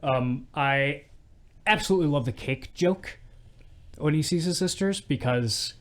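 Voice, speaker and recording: A man's voice: a little high, unhurried. A man hosting a podcast, rambling enthusiastically about a film in casual chat. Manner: enthusiastic, rambling, many fillers. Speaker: podcast host. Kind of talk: casual movie discussion.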